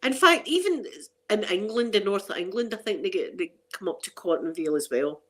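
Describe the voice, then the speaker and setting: Speaking fairly quickly in an expressive, mid-range voice with a fairly bright tone, a middle-aged woman from Scotland runs an ASMR channel. Her talk to viewers is casual and meandering, full of restarts and laughter.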